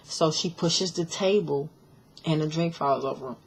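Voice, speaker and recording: A woman's voice: sits low, normal speed, breathy edge. A woman casually recapping a reality show episode, chatty and blunt, with lots of fillers and restarts. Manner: blunt, sassy commentary.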